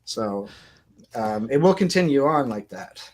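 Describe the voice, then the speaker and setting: A man's voice: mid-range voice, animated, unhurried, darkish tone. A man co-hosting a casual panel chat over a video call, joking and rambling. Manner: joking, rambling, laughs often. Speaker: co-host.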